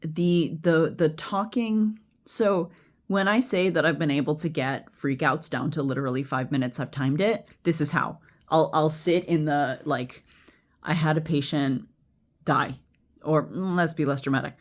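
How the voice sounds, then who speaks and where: A healthcare worker casually teaching a friend a calming technique, rambling with restarts and chant-like repeated phrases, sometimes swearing bluntly. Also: mid-range voice, unhurried. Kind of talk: casual spoken instruction. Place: at home before bed.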